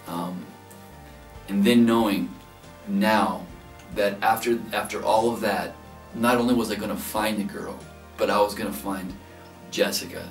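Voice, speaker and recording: A man in his thirties earnestly telling how he proposed, getting animated as he relives his nerves. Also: lowish voice, unhurried, long pauses. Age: 30s. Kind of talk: heartfelt interview recollection. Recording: echoey room, distant mic, soft music behind.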